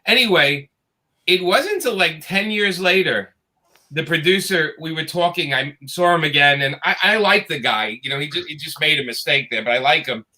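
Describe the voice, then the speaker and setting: A man's voice: a little high, normal speed. A middle-aged man, a guest comics creator, telling a casual story and acting out the dialogue in it. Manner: animated, acts out quoted dialogue.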